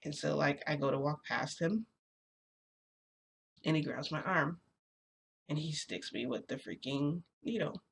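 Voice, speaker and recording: A woman's voice: low voice, measured pace, gravelly, long pauses, slight background noise. A young woman vlogger telling a casual story, rambling and full of "like" fillers.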